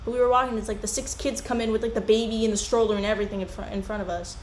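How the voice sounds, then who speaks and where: A young woman in casual commentary chat, rambling and animated as she drifts from one tangent to the next. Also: a little high, rapid-fire. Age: young adult. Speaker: commentary YouTuber. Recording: echoey room with faint hiss.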